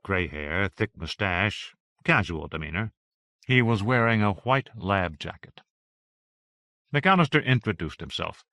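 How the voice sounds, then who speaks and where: A man narrating an audiobook in a steady, even reading. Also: fairly low pitch, a little slow, no echo.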